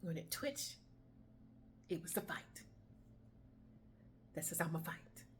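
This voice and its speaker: A woman's voice: on the low side, slow, a little hiss or hum. A woman telling a dramatic story aloud, acting out the dialogue and dropping into whispers. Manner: expressive, acts out dialogue, drops to whispers.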